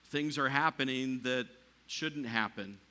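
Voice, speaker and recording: A man preaching a sermon in a church, climbing to near shouting at the peaks and dropping quiet for the calm lines. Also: mid-range voice, unhurried. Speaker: pastor.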